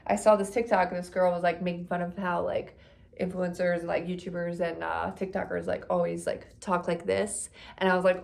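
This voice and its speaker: A woman in her thirties chatting casually to her phone camera in a vlog, expressive and talkative. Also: fairly low pitch, brisk, creaky. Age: 30s. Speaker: vlogger.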